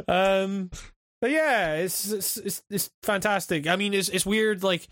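A British man talks in a halting, easygoing way, restarting his phrases and laughing often. His voice sits high for a man. The sound is dry and close. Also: fairly bright tone, no echo. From Britain. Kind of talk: casual chat.

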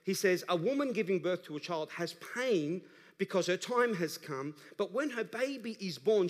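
A man, a pastor delivering an animated sermon that rises to emphatic calls to the congregation. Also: sits high. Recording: preached in a large reverberant church hall.

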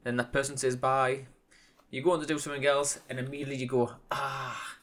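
A man's voice: mid-range voice, flat delivery, fast talker, fairly bright tone. A man hosting a casual solo podcast, rambling and self-deprecating, with hesitations and restarts. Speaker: podcast host.

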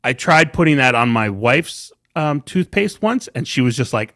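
A man's voice: fairly high pitch, sing-song, a little slow, fairly bright tone, dry recording, clean studio sound. A man hosting a podcast in casual chat, joking and teasing as he sets up segments. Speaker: podcast host.

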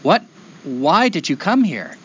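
A man's voice: a little high, big pitch swings, slow pace, slightly rough, muffled recording, voice pushed up, full character voice. A man voicing a helpful woodchuck in a told story, speaking plainly and guiding a lost boy. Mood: matter-of-fact. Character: helpful woodchuck living in a burrow, matter-of-fact.

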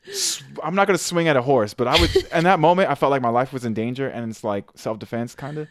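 A man's voice: fairly high pitch, fast, dry recording, clean studio sound. A man co-hosting a podcast, telling a story with lots of swearing. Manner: animated storytelling, swears a lot. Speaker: podcast co-host. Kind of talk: casual chat.

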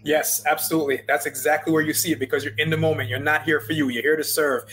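Man, jamaican accent, business coach guest, emphatic, repeats himself, fairly high voice, faint background hum. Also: little pitch movement, quick pace, fairly bright tone, poor audio. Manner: earnest, emphatic, repeats phrases. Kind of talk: casual interview chat.

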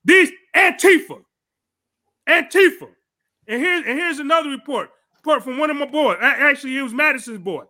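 A man with a very high, bright, piercing voice hosts a podcast. He rants angrily and profanely about politics, shouting often. His delivery is heated and combative throughout. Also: expressive, fast. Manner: angry, shouting, profane ranting. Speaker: podcast host.

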